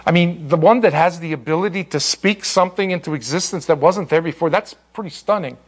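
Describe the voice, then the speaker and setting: A man leads an informal Bible class, talking in a chatty, animated way. His voice sits a little high. He restarts phrases often and drifts into asides. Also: a little fast. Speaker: pastor teaching a Bible study.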